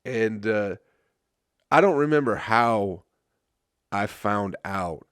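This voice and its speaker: A man's voice: lowish voice, animated, takes it slowly, a bit bright, clear, resonant tone, no room sound, studio quality. A man who is a comedian, telling rambling, profane stories on his podcast and laughing at them. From Flint, Michigan. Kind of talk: casual storytelling monologue.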